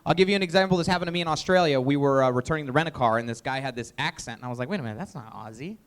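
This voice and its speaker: A man presenting a live sales training workshop, energetic and emphatic, often quizzing the audience. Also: on the high side, racing, clean tone.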